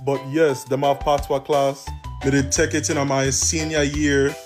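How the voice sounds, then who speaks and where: A man's voice: mid-range voice, little pitch movement, measured pace. A young man from New York talking casually on a vlog, playfully trying out patois phrasing. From Long Island, New York. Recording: music playing behind.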